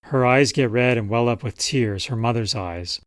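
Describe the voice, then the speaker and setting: A man's voice: medium pitch, normal speed, no echo. Male writing coach with a dry sound. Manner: conversational, reads passages aloud from a client's memoir. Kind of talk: casual teaching talk.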